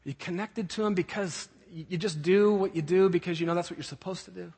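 A male preacher with a high, slightly husky voice, driving his points home by repeating short phrases. His voice rings through a church hall with a long reverb tail. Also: quick pace, a little mellow. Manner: emphatic, repeats key phrases. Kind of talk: sermon.

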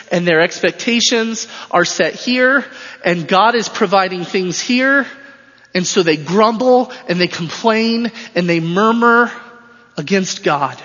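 A high-pitched male pastor delivers an emphatic sermon and drives his points home through repetition. His voice rings out with a long hall reverb, and the recording sounds dull and lo-fi. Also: a bit bright. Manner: emphatic, repeats phrases for stress. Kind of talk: expository sermon.

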